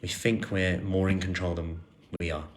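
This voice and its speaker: A man in his thirties, a personal trainer chatting through viewer questions on a live stream, relaxed with plenty of fillers and restarts. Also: deep voice, moderate pace.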